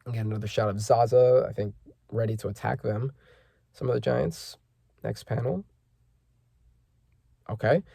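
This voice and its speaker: A man's voice: medium pitch, normal speed, gravelly, pauses often, dark tone, slightly rough, no room sound. A man hosting a casual manga chapter reaction, rambling with lots of fillers and self-corrections as he reads panels aloud.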